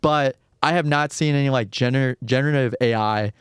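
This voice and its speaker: A man's voice: medium pitch, a little fast, clear, resonant tone, dry recording, clean studio sound. A young man co-hosting a podcast in casual chat, often hesitating and hunting for the right word. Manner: hesitant, restarts and searches for words. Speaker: podcast co-host.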